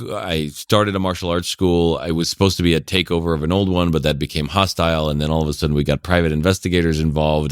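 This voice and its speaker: A deep-voiced middle-aged man talks casually, wandering through long stories and chuckling between thoughts. The sound is dry and close, with no room around it. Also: smooth, dry recording. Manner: rambling storyteller, chuckles often. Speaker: podcast guest, parenting coach. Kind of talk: casual chat.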